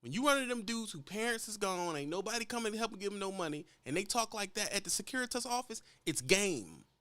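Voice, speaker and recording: A truck driver bluntly lectures younger drivers in a casual, profane vlog rant. His voice is high, bright, and pushed, animated and quick, with no echo.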